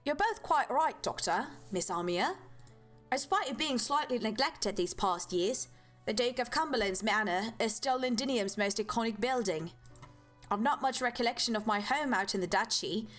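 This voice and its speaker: A woman's voice: on the high side, animated, moderate pace, fairly bright tone, soft background music. A woman streamer voicing a poised, courteous noblewoman, speaking in a composed and formal way.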